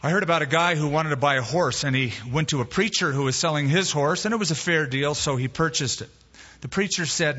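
A pastor preaching an expository sermon, telling a joke story with emphatic, acted quotes. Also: male voice, a little high, brisk, sharp tone, breathy edge. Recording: dull reverberant hall recording.

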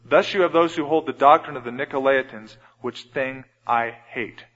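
A man's voice: mid-range voice, normal speed. Male pastor preaching, storytelling style, lo-fi radio sound, big church reverb. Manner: storytelling, acts out Bible scenes with shifts in loudness. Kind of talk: sermon. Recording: dull radio broadcast with long hall reverb.

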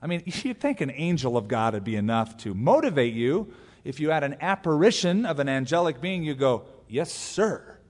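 Animated preacher in a reverberant hall. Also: male voice, fairly high pitch, brisk. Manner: animated storyteller who acts out quotes with humor. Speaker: pastor. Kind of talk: expository Bible teaching sermon.

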